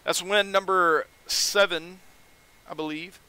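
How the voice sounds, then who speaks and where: A young man chats through a live game stream, joking and talking straight to his viewers. His voice sits high and bright, and there is a faint hum of noise under it. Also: slow pace. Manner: joking, excitable, talks to chat. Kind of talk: casual live-stream commentary.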